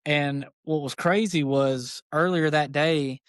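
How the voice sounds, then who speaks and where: A man, a podcast guest, tells a story in casual, excited, rambling speech, full of fillers like "dude". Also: a little high, slow pace, no room sound, clean studio sound. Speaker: podcast guest, archery shop owner.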